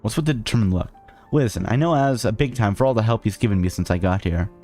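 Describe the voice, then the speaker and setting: A man's voice: on the low side, quick pace, mellow, soft background music. A man streaming a video game, joking and ranting sarcastically while reading the on-screen text aloud. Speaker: VTuber streamer. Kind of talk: casual let's-play commentary.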